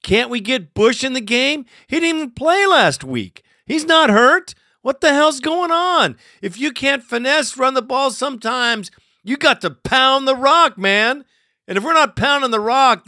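Bright high-voiced man hosting a fan show. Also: dry recording, clean studio sound. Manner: animated, profane, fired up. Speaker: host.

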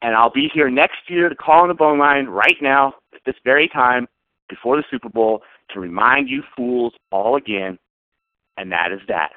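A man's voice: mid-range voice, normal speed, no echo. A man calling in to a show, ranting sarcastically and emphatically as a sports fan. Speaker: caller. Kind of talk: fan call-in rant. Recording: tinny phone line.

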